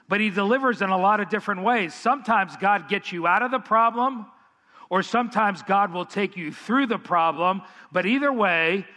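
Male pastor, emphatic sermon, high bright voice, hall reverb. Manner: emphatic, asks the congregation questions.

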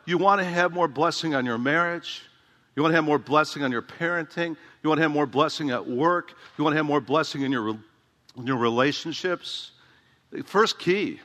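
A man's voice: fairly high pitch, sharp tone. A man preaching a sermon as a pastor, conversational and humorous, with emphatic repetition. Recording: long hall reverb.

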